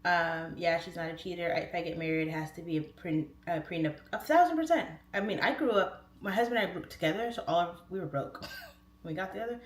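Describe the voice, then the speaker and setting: A woman's voice: fairly low pitch, quick pace. Chatty woman in her thirties, echoey room. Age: 30s. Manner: chatty, laughing, rambling asides. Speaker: livestream host. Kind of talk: casual chat, comic storytelling.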